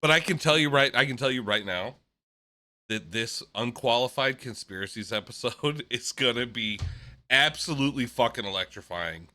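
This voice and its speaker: A man's voice: mid-range voice, lively intonation, normal speed, bright, forceful tone. A man co-hosting a gaming podcast in casual chat, swearing often, laughing and repeating himself. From American South. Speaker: podcast co-host.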